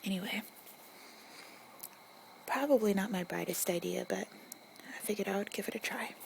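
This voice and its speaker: A young woman with an Arkansas accent in a whispered ASMR accent tag, chewing gum and musing softly, recorded outdoors at night on a phone mic. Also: mid-range voice, vocal fry, background noise. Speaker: ASMR creator. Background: distant cars and crickets.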